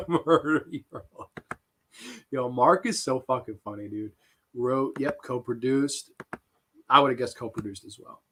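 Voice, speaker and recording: A man hosting a live horror trivia stream, reading questions and reacting to chat answers with excitable, swearing banter. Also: mid-range voice, slow, slight background noise. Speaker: host.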